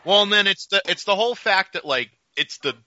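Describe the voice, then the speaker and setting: Guy cohosting a chat show, lively and kinda high, dull lo-fi mic, dry sound. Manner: animated, breaks into quick impressions. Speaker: podcast co-host. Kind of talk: casual chat.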